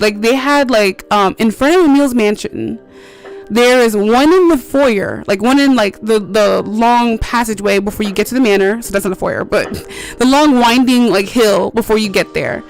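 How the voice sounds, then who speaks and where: A woman's voice: fairly high pitch, moderate pace, soft background music. A woman streamer chatting casually while playing a game, rambling through stories with lots of filler words, swearing freely and laughing often.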